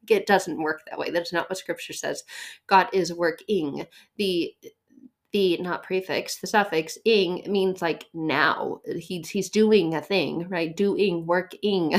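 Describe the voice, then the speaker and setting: A woman with a slightly low voice gives a conversational devotional talk. She speaks earnestly and warmly, with small laughs and words repeated for emphasis. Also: slow. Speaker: faith podcast host.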